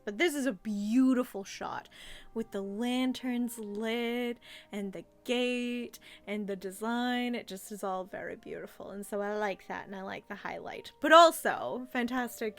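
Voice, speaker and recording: A woman's voice: on the high side, creaky. Chatty young woman gushing over a cartoon. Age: young adult. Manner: chatty, gushing, many fillers. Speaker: host reviewing a childhood cartoon. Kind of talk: casual commentary.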